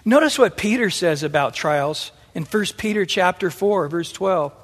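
A middle-aged man preaching a sermon in an animated way, acting out the voices he quotes. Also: sits high, measured pace. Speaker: pastor. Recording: long hall reverb.

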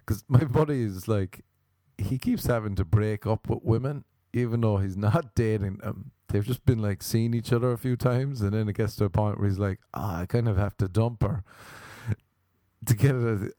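A young man telling a comic story in a casual style, animated and profane, jumping into high silly voices for his own reactions. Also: moderate pace, dry recording.

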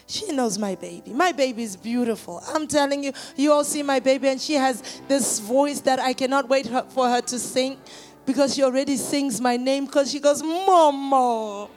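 A woman preacher, perhaps in her thirties, giving a sermon that moves from quiet personal testimony to shouted calls to the congregation. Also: high voice, normal speed, soft background music.

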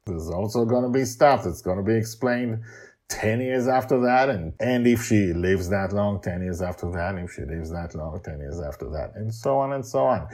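A man narrating his own serialized storybook podcast, with animated, rambling asides to listeners. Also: lowish voice, normal speed. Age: older. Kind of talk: storybook narration and casual chat.

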